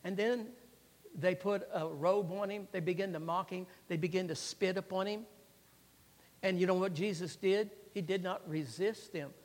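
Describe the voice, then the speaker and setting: A man preaching a sermon and reading scripture, swinging between loud emphasis and hushed, quiet phrases and repeating lines for emphasis. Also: high voice, fairly even intonation, normal speed. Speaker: pastor. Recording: long reverb of a large hall.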